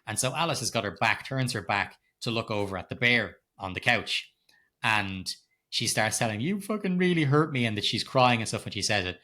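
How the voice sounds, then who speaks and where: Man, middle-aged, lowish voice, bright forceful tone, podcast co-host, casual swearing storyteller. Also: fairly quick. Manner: animated storytelling, heavy swearing, frequent laughter. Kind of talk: casual film-recap chat.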